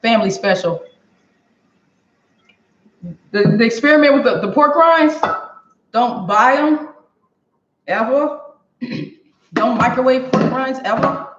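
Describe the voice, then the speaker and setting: A woman's voice: a little high, lively intonation, a little slow, long pauses, a bit bright. A woman hosting a casual live cooking stream from her home kitchen, chatting straight to her viewers. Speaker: cooking show host. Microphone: camera on a stand for a live stream. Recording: roomy, dull kitchen sound.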